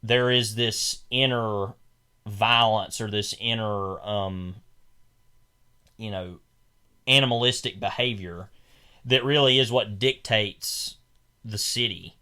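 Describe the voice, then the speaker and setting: A man's voice: fairly low pitch, slow pace, long pauses, bright, forceful tone, clean tone. A young man co-hosting a podcast, talking through a film in a casual, rambling way with many fillers and restarts. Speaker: podcast co-host.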